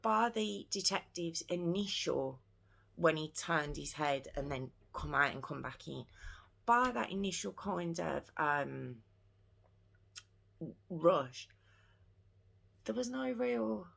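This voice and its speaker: A woman tells a true crime story on her vlog, going over the case earnestly in her own words. Her voice sits low with a gravelly edge, and she takes her time. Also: fairly bright tone.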